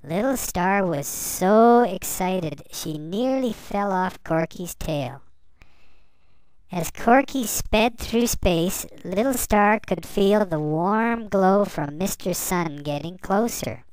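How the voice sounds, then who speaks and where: Woman reading a bedtime story to little kids, slow and gentle, dry close mic. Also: medium pitch, animated, clean tone, no echo, low-quality recording. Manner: gentle, slow, addressing children.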